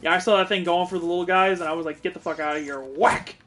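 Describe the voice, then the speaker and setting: A man's voice: high-pitched, fairly even intonation, very fast, a bit bright, faint music behind. A man streaming a video game, giving casual, joking commentary and swearing freely.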